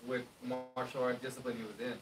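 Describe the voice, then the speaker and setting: A man's voice: medium pitch, flat delivery, quick pace, recorded from a distance, over music, poor audio. A man appearing as a guest fighter on a live stream, asking curious questions in an easygoing, casual way. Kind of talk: casual chat.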